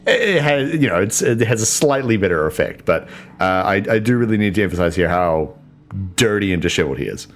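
A man's voice: on the low side, lively intonation, a little fast. A man playing a tabletop game, hesitant with stumbling restarts. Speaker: player. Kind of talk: casual tabletop game play.

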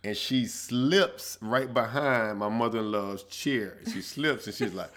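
A man co-hosting a podcast, telling stories in an animated way and laughing often. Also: on the low side, measured pace. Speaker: podcast co-host. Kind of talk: casual chat.

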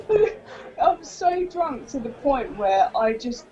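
A woman's voice: high-pitched, big pitch swings, slow, dark tone, dull audio. A woman with a giggly manner, telling stories as a podcast co-host in casual chat. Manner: giggly storyteller, laughs through her words.

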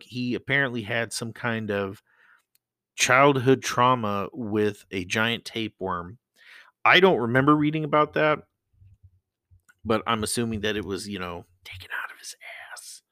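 A man's voice: medium pitch, normal speed, sharp tone, smooth, no room sound. A man hosting a casual solo podcast, rambling and swearing as he talks into a close mic. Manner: rambling, profane, laughs often. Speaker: podcast host.

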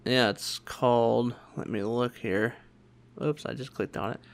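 A man's voice: mid-range voice, steady tone, measured pace. A man co-hosting a casual podcast, chatting and telling childhood stories with acted-out quotes. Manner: chatty storyteller, acts out quoted voices. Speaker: podcast co-host. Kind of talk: casual chat.

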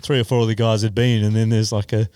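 A man's voice: lowish voice, flat delivery, fast talker, dark tone, no room sound. A man chatting casually on a podcast, telling riding stories and laughing often. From Australia. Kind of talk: casual chat.

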